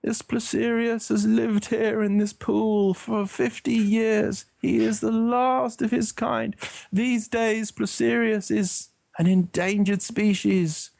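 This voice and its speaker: Guy doing a big solemn nature-doc narrator voice, slow, high and dramatic, gravelly. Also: flat delivery, a little mellow, no echo, heavily acted. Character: grand male documentary narrator.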